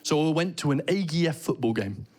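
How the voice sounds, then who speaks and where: A British man doing stand-up comedy, telling animated stories and trying out mock Danish phrases. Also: fairly high pitch, fairly quick, a crowd in the background, background noise. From Britain. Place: theater stage before a laughing audience.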